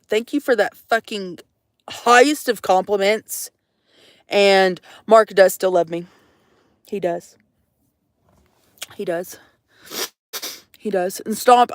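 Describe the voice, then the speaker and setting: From outdoors in the woods, a young woman rambles to her livestream viewers in a jokey, profane, casual way. Her mid-range voice keeps a moderate pace, and the recording is dry and of studio quality.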